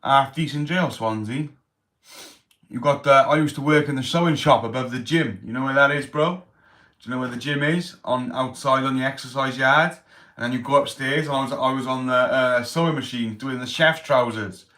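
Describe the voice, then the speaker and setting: A man's voice: mid-range voice, normal speed, fairly bright tone. A man hosting a casual livestream, reading out chat comments and telling stories in street slang. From Wales. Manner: chatty, street slang, reads chat aloud. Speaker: livestream host.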